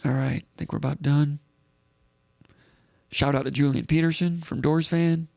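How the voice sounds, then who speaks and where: A man's voice: a little high, fairly even intonation, normal speed, vocal fry, a little mellow, no room sound, clean studio sound. A man hosting a live call-in sports show in a casual, rambling way, reading out comments and thinking aloud.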